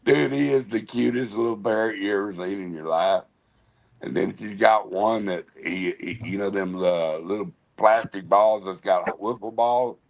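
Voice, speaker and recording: A man's voice: fairly low pitch, moderate pace, creaky. A man co-hosting a casual chat, telling rambling stories and swearing freely.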